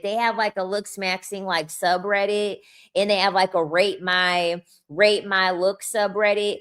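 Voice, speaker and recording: A woman's voice: medium pitch, unhurried, fairly bright tone. Young woman ranting on her vlog, cussing, scornful, mid voice. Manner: profane, blunt, mocking. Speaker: vlogger. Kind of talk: ranting commentary.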